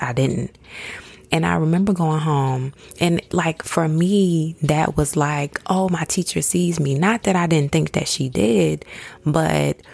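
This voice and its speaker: A woman's voice: lowish voice, creaky, husky, no echo. A woman, telling a personal story in a casual, conversational way and calling her listeners y'all. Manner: conversational, addresses listeners as y'all, acts out quoted voices.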